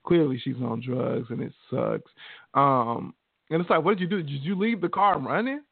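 Dude cohosting a podcast, cussing and going off, sounds like a phone line, dry. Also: male voice, medium pitch, moderate pace, gravelly, slightly rough, no room sound. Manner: blunt, profane, reads gossip aloud. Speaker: podcast co-host. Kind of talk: casual chat.

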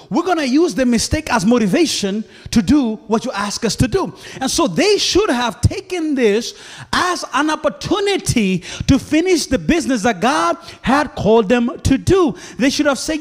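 With a very high, sing-song voice at a normal speed, a man preaches an impassioned, pleading sermon. He keeps checking in with the congregation, often asking "you feel me?".

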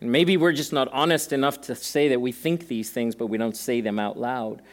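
A man's voice: medium pitch, normal speed. A male pastor preaching a sermon to a congregation in a church service, talking conversationally with joking asides and emphatic repetition.

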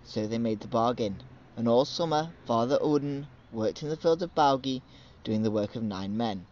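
Man, storyteller, measured narration, muffled recording. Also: medium pitch, a little mellow, slight background noise. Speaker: podcast host and storyteller.

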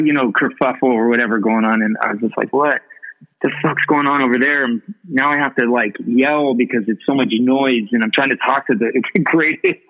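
A man telling a story as a podcast guest, rambling with lots of fillers and swearing freely. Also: medium pitch. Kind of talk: casual storytelling. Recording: tinny phone-line audio.

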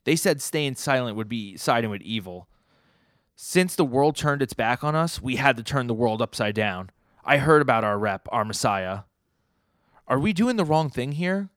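A man reading comic lines aloud while voicing a male rioter with a pig-like look who is soft-hearted and unsure of himself, speaking in a hesitant, pleading way. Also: medium pitch, lively intonation, moderate pace, dry recording, studio quality, voice pushed up, lightly acted. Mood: doubting.

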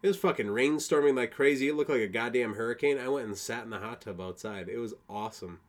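A man's voice: mid-range voice, quick pace. A young man from Wisconsin hosting a casual solo podcast, rambling and swearing a lot, laughing at his own jokes. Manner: profane, rambling, laughs often. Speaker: podcast host.

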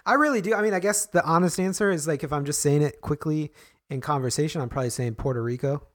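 A man's voice: on the high side, fast. A man co-hosting a casual chat, rambling and correcting himself with a playful, joking manner. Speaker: podcast co-host.

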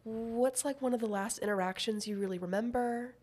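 A woman's voice: on the high side, brisk, darkish tone. A woman hosting a casual conversation show, curious and asking open questions. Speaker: podcast host. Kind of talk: casual chat.

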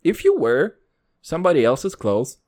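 A young man from Israel hosting a casual solo podcast, rambling and joking with constant swearing and sudden pitch jumps. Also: huge pitch swings, moderate pace, darkish tone. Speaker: podcast host.

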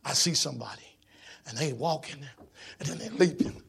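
A man preaching a fiery sermon, swinging between shouted, sung lines and quiet, hushed ones, with speech. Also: mid-range voice, moderate pace, gravelly, a little hiss or hum. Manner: shouting, sing-song preaching with sudden drops to near-whisper.

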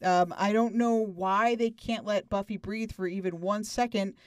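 Animated podcast host full of questions. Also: medium pitch, moderate pace, no room sound, studio quality. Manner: animated, quizzing co-hosts with questions. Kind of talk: casual chat analyzing a TV episode.

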